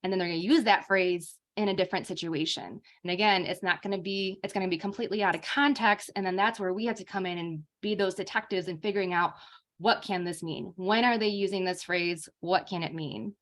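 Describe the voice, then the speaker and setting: A young adult woman lectures on her topic in a relaxed, conversational way, with a slightly low voice. She leans on fillers and keeps the tone informal. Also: brisk. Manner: casual, uses many fillers like um and like. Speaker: speech therapist presenter.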